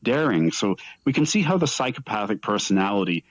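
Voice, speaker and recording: Man lecturing, lowish pitch, dry close sound, animated storyteller. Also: brisk, dry recording, rough recording. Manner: animated storytelling, acts out quoted speech. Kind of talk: live lecture. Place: virtual reality event.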